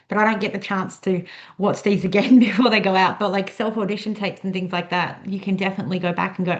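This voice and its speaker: A woman's voice: medium pitch, fairly even intonation, fast. A woman interviewing a guest over a video call, speaking in a friendly, casual way. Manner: friendly, brief affirming replies. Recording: dull lo-fi audio.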